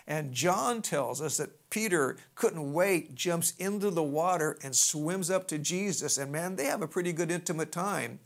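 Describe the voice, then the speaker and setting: A preacher delivers a sermon as lively storytelling. The voice leaps up and drops low from phrase to phrase, and wanders off into folksy side remarks before coming back to the point. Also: unhurried, few pauses. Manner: animated storytelling with sidebars and big pitch swings; conversational, folksy asides.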